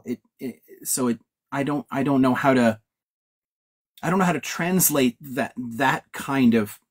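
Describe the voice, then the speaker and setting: A man's voice: mid-range voice, darkish tone. A man talking in a casual discussion, thoughtful and hesitant, with frequent restarts. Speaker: discussion panelist.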